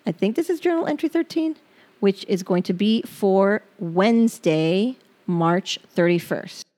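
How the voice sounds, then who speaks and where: A woman's voice: mid-range voice, lively intonation, mellow. Choked-up woman hosting a podcast. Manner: open, reflective, halting. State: choked up, near tears. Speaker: podcast host. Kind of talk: personal podcast, reading her own journal aloud.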